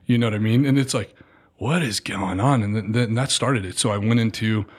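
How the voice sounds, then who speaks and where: A man in his thirties telling animated stories as a guest, acting out quotes and saying "dude" a lot. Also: fairly low pitch, fast. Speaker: guest, former military contractor. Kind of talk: casual storytelling.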